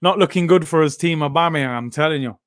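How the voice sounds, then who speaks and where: High-voiced excitable man. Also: fast talker, smooth, no room sound, studio quality. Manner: excitable, slangy, bursts into shouts. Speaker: host of a football watchalong. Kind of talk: live reactive commentary.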